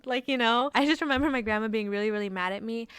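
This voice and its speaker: Young woman podcast co-host, smooth and clear, dry close sound, chatty storyteller who swears casually. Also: fairly high pitch, fast talker, fairly bright tone, no room sound. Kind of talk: casual chat.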